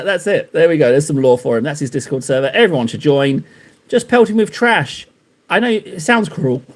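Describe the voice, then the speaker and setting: A man hosting a live stream, rambling through a comic made-up story and laughing often. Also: on the high side.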